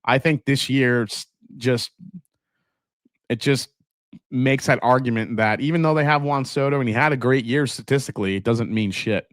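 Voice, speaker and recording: New guy rambling on his livestream, mid pitch, dry close sound, laughs a lot. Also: normal speed, no room sound. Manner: chatty, reads viewer comments aloud, laughs often. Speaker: whiskey livestream host. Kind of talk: casual live stream chat.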